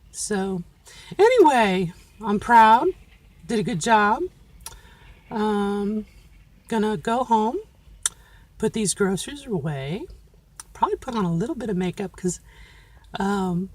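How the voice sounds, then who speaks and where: A woman's voice: medium pitch, darkish tone. A middle-aged woman talking candidly to viewers in a casual vlog, using a feminine voice she has trained and places with care. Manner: candid and self-encouraging, talking straight to viewers. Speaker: vlogger. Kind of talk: casual reflective monologue.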